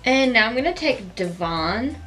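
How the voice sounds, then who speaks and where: A woman talking casually at home as she walks through a makeup tutorial step by step, chatty and gushing but gentle. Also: on the high side, very animated, normal speed, soft background music.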